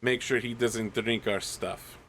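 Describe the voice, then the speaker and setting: A man's voice: on the low side, steady tone, measured pace, creaky, fairly bright tone, full character voice. A man playing a stern male captain of the tower guards, giving curt orders and questioning. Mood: commanding.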